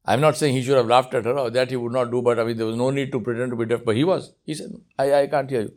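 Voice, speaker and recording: A man preaching a sermon, telling a story in an animated way and acting out the quotes. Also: mid-range voice, very fast.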